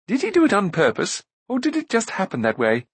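A man voicing a curious, talkative young prince who bursts out in excited exclamations. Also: high-pitched, brisk, husky, no room sound, voice pushed up, full character voice.

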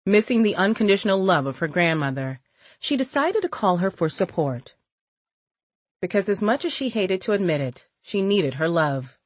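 A woman narrating a novel as an audiobook, reading in a measured, expressive way. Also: fairly low pitch, dry recording. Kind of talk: scripted narration.

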